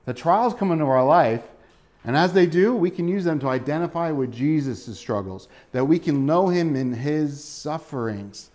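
Guy in his 30s giving a sermon, kinda high voice, chatty, keeps asking the room questions. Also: animated, normal speed, a little mellow. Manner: conversational, asks the congregation questions. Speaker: pastor.

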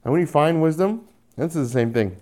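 A man's voice: a little high, animated, mellow. A man preaching a sermon, addressing believers directly and acting out the voices of the people he describes. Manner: acts out quoted voices, drawn-out "mm" sounds.

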